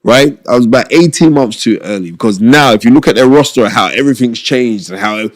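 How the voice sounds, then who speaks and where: A middle-aged man, telling stories as an interview guest in an animated, emphatic way and repeating phrases for stress. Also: mid-range voice, fairly quick, no room sound, studio quality. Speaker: guest, boxing pundit and former TV host. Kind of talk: casual interview storytelling.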